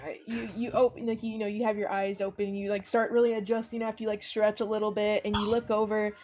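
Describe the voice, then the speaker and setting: A woman's voice: medium pitch, little pitch movement, fast talker, darkish tone. A young woman running a tabletop game as game master, narrating in a rambling way with many fillers. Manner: rambling, with frequent fillers and laughs.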